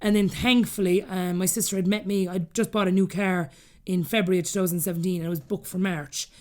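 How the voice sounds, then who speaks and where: A woman in her thirties with an Irish accent, a podcast guest telling her story candidly and acting out the things people said to her. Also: mid-range voice. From Ireland. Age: 30s. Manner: rapid, animated, acts out quoted dialogue.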